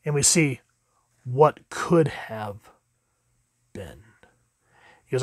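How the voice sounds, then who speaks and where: A man's voice: animated, very slow, pauses often, no room sound, studio quality. A man casually reviewing a comic book at home, chatty and playing out the quotes. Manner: chatty, acts out quotes with jumps in pitch. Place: home room with dogs.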